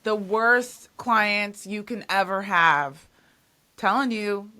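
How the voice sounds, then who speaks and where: A woman's voice: medium pitch, slow, pushed and bright. A woman hosting a podcast interview, talking in an emphatic, casual way and repeating words when she stresses a point. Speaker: podcast host.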